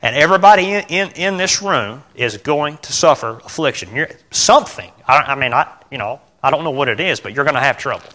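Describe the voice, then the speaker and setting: Middle-aged male lay preacher, informal church sermon, earnest and stumbling with loud outbursts, bright edge. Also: mid-range voice, animated. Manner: earnest, halting, self-correcting, with sudden loud bursts.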